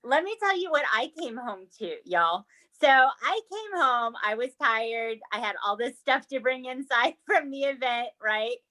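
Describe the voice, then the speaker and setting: A woman's voice: a little high, animated, unhurried, few pauses, sharp tone. A woman co-hosting a casual true-crime podcast, chatty and laughing often. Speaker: podcast co-host. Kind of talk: casual chat.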